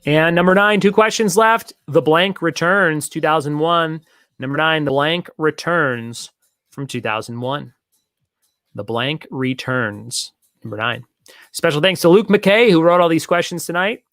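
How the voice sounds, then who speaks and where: A man's voice: a little high, animated, unhurried, a bit bright, no echo, clean studio sound. Chatty man hosting trivia. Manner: chatty, rambling asides, repeats each question. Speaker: trivia host. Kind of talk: casual livestream trivia hosting.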